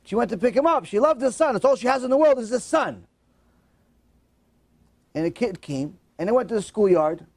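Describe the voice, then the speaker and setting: A man telling a moral story in a sermon, animated and emotional, acting out the voices. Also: very high voice, a little fast, pauses often. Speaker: religious storyteller.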